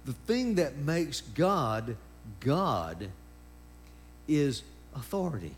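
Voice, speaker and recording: A man's voice: mid-range voice, sing-song, slight background noise. A man preaching a sermon, emphatic and repetitive, breaking in with praise interjections. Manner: emphatic, drawn-out preaching with repeated phrases and interjections.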